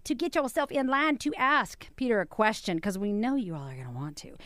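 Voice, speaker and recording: A woman hosting a radio show in bubbly, animated, joking casual chat. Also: a little high, a little fast, dry recording, studio quality. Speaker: radio host.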